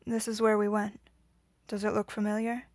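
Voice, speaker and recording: A woman reading the lines of a gentle, shaken man comforting a frightened friend, in a hushed near-whisper. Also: mid-range voice, monotone, moderate pace, no echo, lightly acted.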